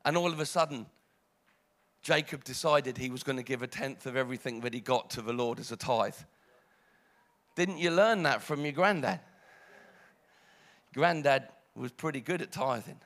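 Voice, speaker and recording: A British man preaching a sermon, dramatic, dropping to hushed lines and rising loud. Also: mid-range voice, moderate pace, long pauses.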